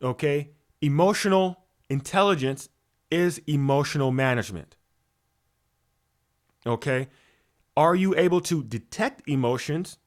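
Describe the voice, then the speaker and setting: With a slightly high voice and a measured pace broken by frequent pauses, a spiritual coach delivers a preachy, animated teaching talk. He leans on fillers, rhetorical questions, repeated words and stumbling restarts. He swings between loud emphasis and softer asides.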